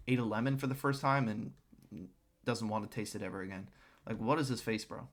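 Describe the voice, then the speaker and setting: A man's voice: fairly low pitch, fairly even intonation, fairly quick, slight background noise. A young man streaming, reacting to a clip with sarcastic, scornful commentary aimed at the screen. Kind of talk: casual mocking commentary.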